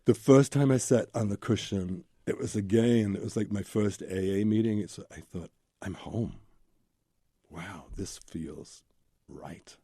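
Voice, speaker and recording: A man's voice: lowish voice, moderate pace, dark tone, dry recording, studio quality. A man, a Zen Buddhist teacher, telling his own story as an interview guest in a candid, rambling way with tumbling lists of memories.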